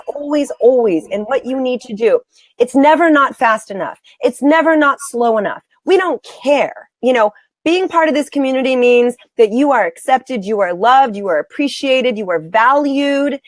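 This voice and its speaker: Emphatic, higher-voiced woman host. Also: lively intonation, normal speed, no echo. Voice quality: bright, emphatic, repeats words for stress. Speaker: host, blogger. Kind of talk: casual live-stream chat.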